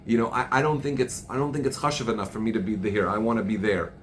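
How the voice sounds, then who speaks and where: A man's voice: fairly low pitch, steady tone, quick pace. Passionate man raising his voice. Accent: Jewish Orthodox Hebrew and Yiddish terms. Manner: passionate, raises his voice, repeats himself. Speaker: podcast host. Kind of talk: casual chat. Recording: faint background noise.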